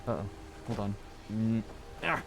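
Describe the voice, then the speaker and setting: Casual gaming chat comes from a young British man with a fairly low voice, a measured pace, and some vocal fry. Soft background music plays as he rambles, frequently tagging on "right?".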